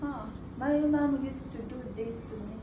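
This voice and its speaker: A woman's voice: sits high, a little slow, distant mic. A woman in casual conversation who turns pleading and emotional. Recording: echoey room with noticeable noise.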